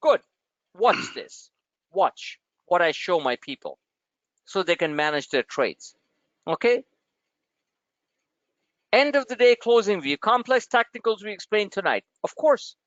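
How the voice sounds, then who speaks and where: A man's voice: high-pitched, unhurried, pauses often, dry recording. A male trading show host talking brashly and with jokes through a live market webinar, calling his listeners "my friend". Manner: animated, brash and joking, addresses listeners as "my friend". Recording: dry, dull lo-fi stream audio.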